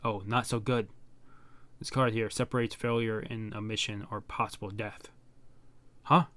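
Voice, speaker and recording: A man's voice: fairly low pitch, little pitch movement, moderate pace, sharp tone. A man hosting a manga reaction, reading panels aloud and muttering running commentary.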